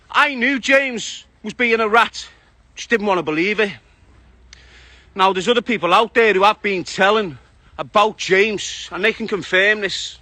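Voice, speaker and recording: A man with a high, bright voice ranting on a live stream, full of passion and constant swearing. He talks into a phone in a dry space with no room echo. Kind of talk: angry monologue on a live stream.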